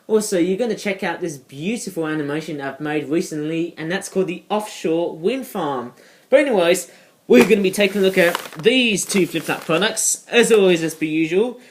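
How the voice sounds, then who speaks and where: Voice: mid-range voice, normal speed, slight background noise. A toy reviewer in a casual vlog, rambling off topic with many ums and uhs. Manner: rambling, digressive, many fillers.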